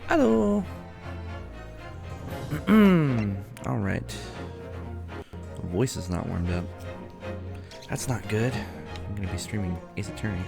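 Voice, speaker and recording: A man's voice: sits low, moderate pace, gravelly, pauses often. A man streaming a game, chatting casually and easygoingly with viewers. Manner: easygoing, chatty, hums to himself. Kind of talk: casual gameplay chat. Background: music.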